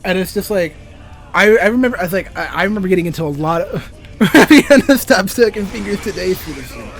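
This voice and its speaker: A man's voice: sits high, expressive, fairly quick, fairly bright tone, faint music behind. A young man and game designer ranting casually about video games, rambling, swearing freely and laughing often. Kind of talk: casual gaming rant.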